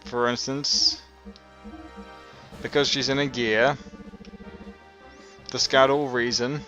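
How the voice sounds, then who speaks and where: A man's voice: mid-range voice, little pitch movement, slow pace, sharp tone. A man giving casual, rambling, wry commentary over a video game playthrough. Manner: rambling, wry, chuckling to himself. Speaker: let's play host. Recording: dull lo-fi sound with game music.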